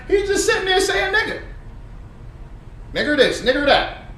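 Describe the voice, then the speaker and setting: A man giving animated, preachy and profane reaction commentary on played clips, laughing often. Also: very high voice, moderate pace, long pauses. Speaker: online commentator. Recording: echoey room, far from the mic, faint noise.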